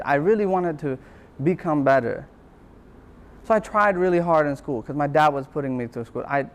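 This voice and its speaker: A man's voice: fairly high pitch, clean tone. Earnest man telling a personal story. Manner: repeats phrases for emphasis. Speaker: university lecturer. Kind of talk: motivational talk.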